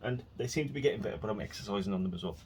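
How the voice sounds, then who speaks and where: A man with a lowish voice rambles through a casual solo monologue. He tells stories in a chatty way, often restarting his sentences. A faint hiss sits under the recording. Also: racing, a little mellow. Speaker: vlogger.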